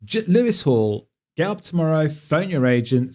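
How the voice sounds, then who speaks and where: A man hosting a fan channel, reacting to clips in a mocking, animated way and talking back at the screen. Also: fairly high pitch, normal speed. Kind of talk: casual reaction commentary.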